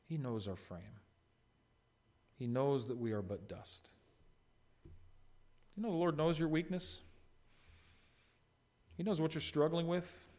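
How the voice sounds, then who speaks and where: A man preaching an expository sermon, swinging from loud emphatic peaks to soft low endings, with conversational asides to the congregation. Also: takes it slowly, pauses often. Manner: conversational, teases congregants by name. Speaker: pastor.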